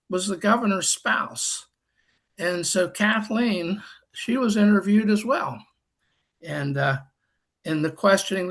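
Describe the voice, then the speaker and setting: An older man with a somewhat high, gravelly voice tells folksy anecdotes to his peers on a video call. His tone is bright and forceful, and his humor is dry and self-deprecating. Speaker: past district governor. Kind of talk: storytelling talk on a group call.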